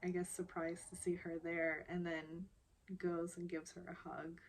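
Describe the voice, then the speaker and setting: A young woman talks through a TV recap in a relaxed, unhurried way, her voice sitting a little low. She speaks softly and hesitantly, with plenty of fillers and small laughs. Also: slight background noise. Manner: slow, soft and hesitant, with fillers and quiet laughs. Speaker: recap vlogger. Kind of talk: casual TV recap.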